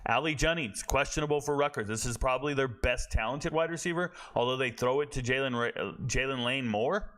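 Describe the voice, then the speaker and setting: A man hosting a college football show, talking casually and bluntly, rambling and correcting himself, with a tired, low-energy delivery. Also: fairly quick, hardly any pauses, a bit bright. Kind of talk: casual sports commentary.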